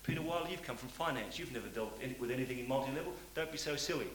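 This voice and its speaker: A middle-aged man giving a motivational speech to a sales audience, swinging between loud preaching and quiet, confiding storytelling. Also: medium pitch, racing. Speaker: motivational speaker at a sales meeting. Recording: hissy old cassette tape in a roomy hall.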